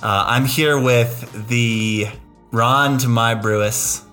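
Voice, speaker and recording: A man's voice: mid-range voice, steady tone, slow, bright, forceful tone, soft background music. A man hosting a podcast in a casual, chatty way. He is enthusiastic and self-deprecating, and often restarts his sentences. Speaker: podcast host.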